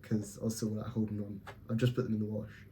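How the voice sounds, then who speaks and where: A man's voice: on the low side, monotone, quick pace, warm tone, a little hiss or hum. A young man talking candidly to camera in a personal vlog, blunt and swearing as he gives himself and his viewers a pep talk. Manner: blunt, profane, self-motivating pep talk. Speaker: vlogger.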